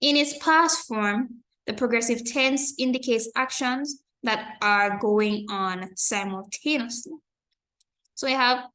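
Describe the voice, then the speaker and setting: A woman teaching an online grammar lesson, explaining slowly and carefully with example sentences and correcting her own slips. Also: fairly high pitch, sharp tone. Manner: corrects herself and apologizes for slips.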